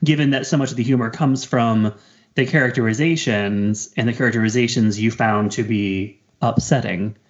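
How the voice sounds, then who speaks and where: A man's voice: medium pitch, normal speed, lo-fi sound. A man co-hosting a film review podcast in casual chat, teasing his co-host playfully and laughing often.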